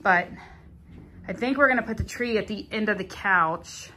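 A woman's voice: medium pitch, moderate pace, bright, forceful tone, a little hiss or hum. A woman with a Southern US accent, chatting casually and a little self-deprecating as she vlogs from her living room. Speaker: vlogger. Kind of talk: casual home vlog.

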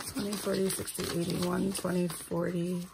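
A woman's voice: fairly low pitch, flat delivery, moderate pace, vocal fry, background noise. A tired woman, talking casually while counting out cash for her budget and making self-deprecating asides. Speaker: budgeting vlogger, single mother.

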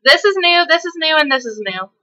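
A woman's voice: sits high, expressive, brisk, sharp tone, low-quality recording. A woman hosting a gameplay video, chatting hyperly and laughing often, sometimes slipping into a country twang. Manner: slips into a country twang at times. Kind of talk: casual chat while playing.

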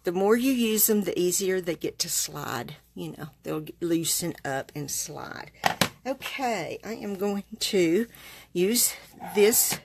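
A woman's voice: fairly low pitch, expressive, slow pace, gravelly, background noise. A woman chats in a folksy, rambling way with viewers during a live card-making demonstration. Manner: chatty, folksy, rambling asides. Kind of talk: live craft demo chatting with viewers.

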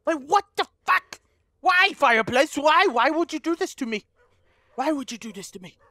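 A man's voice: very high voice, lively intonation, normal speed, sharp tone, no echo, studio quality. A man playing a horror game for viewers, talking to them as he goes, often panicking, screaming and swearing at the monsters. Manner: talks to viewers as guys. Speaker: gaming YouTuber. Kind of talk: let's play commentary.

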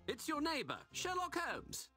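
Sherlock Holmes, showy and wildly sing-song. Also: male voice, very high-pitched, huge pitch swings, a little slow, full character voice. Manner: grand, showy delivery. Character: eccentric, pompous male detective, theatrical and smug. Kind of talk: video game voice acting. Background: game music.

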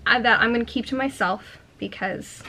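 A young woman, chatting casually to camera while opening fan mail, sassy and excitable, swearing freely. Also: fairly high pitch, moderate pace, background noise.

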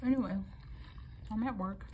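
A woman's voice: medium pitch, moderate pace. A woman in her forties vlogging casually about her day as a teacher, speaking earnestly and prayerfully to God about her struggles. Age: 40s. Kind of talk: casual day-in-the-life vlog. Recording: loud car and street noise behind.

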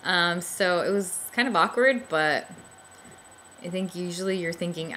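A woman's voice: medium pitch, normal speed, fairly bright tone, a little hiss or hum. A young adult woman telling a personal story to camera in a rambling, chatty way, with lots of fillers and small laughs. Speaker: vlogger.

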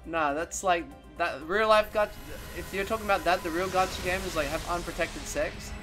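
A man reacting to gacha game pulls, excitable, swearing a lot and pleading with the game. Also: high voice, brisk, over music. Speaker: gaming content creator.

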